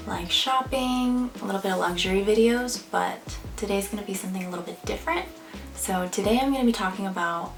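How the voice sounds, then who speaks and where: Young woman, chatty vlog talk, slightly gravelly voice, roomy echo, faint music behind. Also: mid-range voice. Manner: chatty, many fillers like "like" and "um". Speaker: vlogger. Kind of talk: casual vlog talk to camera. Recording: echoey room, a bit far from the mic, faint music.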